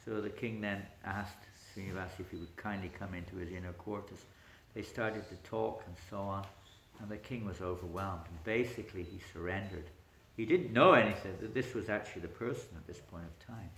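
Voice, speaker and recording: A man, a spiritual teacher, telling a story in an animated lecture, often chuckling. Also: low voice, brisk, a little hiss or hum. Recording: echoey room.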